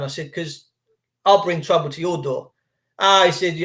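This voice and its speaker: A man's voice: high-pitched, lively intonation, brisk, a bit bright. A middle-aged man, telling defiant stories in casual monologue and acting out the phone calls he quotes.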